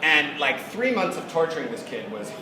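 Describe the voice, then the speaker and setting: A man who is a voice actor, telling jokey stories on a convention panel and acting out the voices in them. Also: moderate pace. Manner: animated, jokey, acts out quotes with big pitch jumps and laughs. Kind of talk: lively convention panel storytelling. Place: large convention hall. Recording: far-off echoey hall recording with noise.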